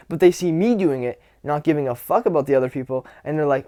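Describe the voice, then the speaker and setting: A man coaching on social skills in a casual instructional talk, relaxed and grounded, slowing his words for emphasis. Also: on the high side. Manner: demonstrative, swings from whisper to loud to show vocal dynamics; relaxed, grounded, drawn-out delivery with sighs.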